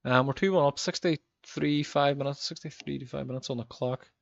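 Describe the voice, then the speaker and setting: A man's voice: medium pitch, a little fast, vocal fry, no echo, muffled recording. A man in his thirties with a Northern Irish accent, streaming a football management game and chatting with viewers, rambling with lots of ums. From Northern Ireland. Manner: rambling, frequent ums, reacts to match events. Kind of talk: live gameplay commentary with chat.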